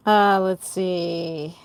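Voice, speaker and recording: Her voice is low, gravelly, clear, and resonant, recorded with no room sound. She's an older woman and doll artist chatting casually on a live stream, giggling and bubbly as she greets viewers by name.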